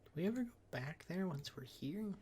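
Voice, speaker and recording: A man's voice: a little high, lively intonation, brisk, darkish tone, slight background noise. A man hosting a game playthrough in casual chat, slipping into whispered asides. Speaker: let's play host.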